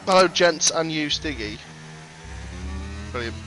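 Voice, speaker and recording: A man's voice: a little high, lively intonation, measured pace. Sweary man calling a sim race. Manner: sweary, banter-filled, reads chat aloud. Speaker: sim racing commentator. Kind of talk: casual livestream commentary. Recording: music playing loud behind.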